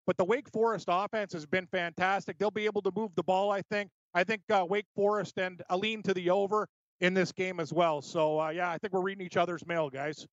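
A man's voice: high voice, fairly bright tone, dry recording. A man co-hosting a sports betting show, rambling and agreeable in casual chat. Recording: slightly dull lo-fi sound.

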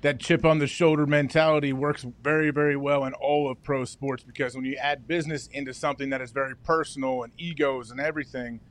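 Relaxed man talking football. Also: mid-range voice, quick pace, hardly any pauses. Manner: relaxed, explaining with fillers. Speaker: co-host, former football player. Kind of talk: casual sports talk.

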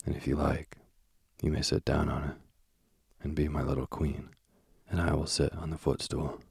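A man's voice: extremely low pitch, level tone, moderate pace, gravelly, breathy edge, dry recording, studio quality, heavily acted. A man reading the part of a boastful, coaxing male king of the underworld in a storybook.

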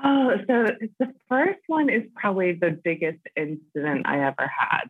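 A chatty American woman calling in, her voice low-pitched and a little husky. She fills her talk with "like" and "um", heard over a tinny, dry phone line. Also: sing-song, normal speed, no room sound. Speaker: caller. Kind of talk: casual phone chat.

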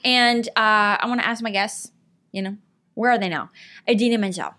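A woman's voice: medium pitch, normal speed, sharp tone. A woman hosting a casual comedic interview, blunt and teasing with her guest. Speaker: host.

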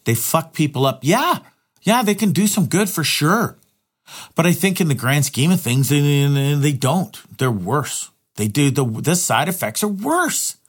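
Middle-aged guy vlogging, kinda high voice, rambly and cussing a lot, keeps restarting his sentences. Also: very animated, unhurried, breathy edge. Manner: rambling, profane, repeats and restarts words. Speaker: vlogger and live streamer. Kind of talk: candid personal monologue.

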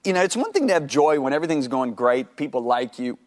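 A man tells his faith story as an interview guest, his voice sitting at a middle pitch. He narrates with animation, acting out his dialogue with God and stumbling into repeated words when excited. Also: fast. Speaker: guest sharing his testimony.

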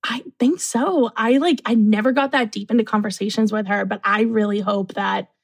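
A woman who works in university residence life, telling a story casually and acting out what people said in lively voices. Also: medium pitch, normal speed, vocal fry. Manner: animated, acts out quotes.

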